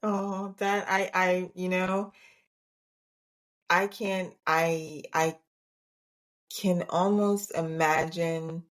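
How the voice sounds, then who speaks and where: A woman hosts a casual interview, and her questions come out curious and searching. She speaks slowly and without hurry. Her voice sits a little low. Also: flat delivery. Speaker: podcast host.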